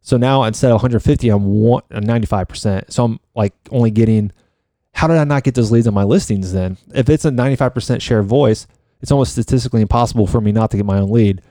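Man, rapid-fire, swearing, mellow dark tone, dry sound, casual podcast chat. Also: lowish voice, no echo. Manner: fast, heated storytelling with frequent swearing. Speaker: real estate agent.

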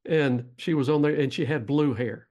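A man's voice: on the high side, moderate pace, darkish tone, lo-fi sound. A middle-aged man with a Texas accent, a podcast guest telling long, folksy stories in a rambling way. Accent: Texan. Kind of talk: storytelling interview.

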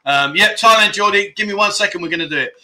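With a high-pitched, sharp voice and fast delivery, a man from London hosts a laid-back livestream chat show from Thailand. Speaking in a London accent, he reads out viewer comments, joking and chatting, rambling with restarts and laughter.

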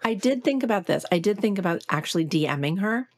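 A woman's voice: medium pitch, animated, fairly quick. An American woman co-hosting a podcast, telling stories in a casual, chatty way full of "like" and "you know". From United States. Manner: chatty storyteller, filler-heavy with lots of "like". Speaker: podcast co-host. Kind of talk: casual chat.

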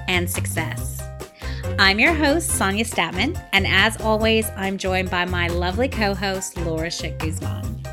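A woman's voice: mid-range voice, a little slow, music in the background. Woman host, frank and confiding, conversational podcast read. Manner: frank, confiding, thinks aloud. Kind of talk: casual podcast chat.

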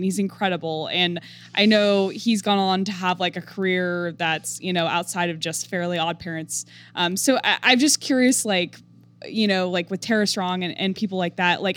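A woman co-hosting a podcast, asking questions in an excited, rambling way. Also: medium pitch. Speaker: podcast co-host. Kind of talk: casual interview chat.

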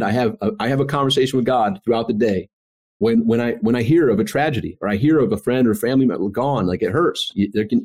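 A man speaks as a podcast guest in casual conversation. He sounds earnest and reflective, and his voice stays at a middle pitch. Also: a little mellow. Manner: earnest, reflective, faith-centered. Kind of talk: casual interview chat.

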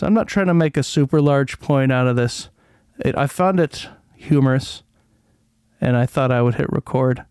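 A man's voice: medium pitch, darkish tone, clean tone, dry recording, clean studio sound. A man hosting a casual solo podcast, rambling and sarcastic, who stumbles over words as he reads out an old news article. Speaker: podcast host.

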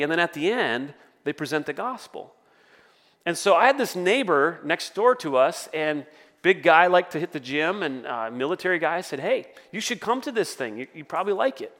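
High-voiced man preaching in a hall. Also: fairly bright tone. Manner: conversational, storytelling asides. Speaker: pastor. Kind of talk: sermon.

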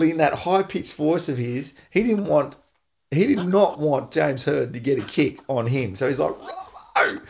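An Australian man and former footballer, hosting a casual chat and telling an animated story with frequent laughs. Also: mid-range voice, gravelly. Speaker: podcast host, former footballer.

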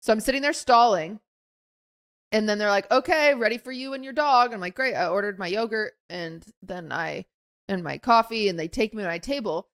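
A young podcast co-host with a mid-range voice tells a story in casual chat at normal speed. She acts out quotes and uses lots of fillers.

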